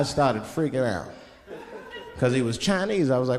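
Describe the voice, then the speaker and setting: A man's voice: medium pitch, lively intonation, moderate pace, a little mellow. A man doing a stand-up comedy set, telling stories in a loose, conversational way full of slang. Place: large performance hall. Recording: long hall reverb of a live venue.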